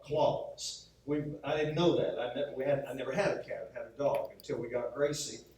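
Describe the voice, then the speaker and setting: A man's voice: mid-range voice, brisk, darkish tone, a little hiss or hum. A man preaching a sermon as a pastor, telling humorous stories and acting out the lines he quotes. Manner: humorous storytelling with acted-out quotes. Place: church sanctuary. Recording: very echoey hall, mic from far off.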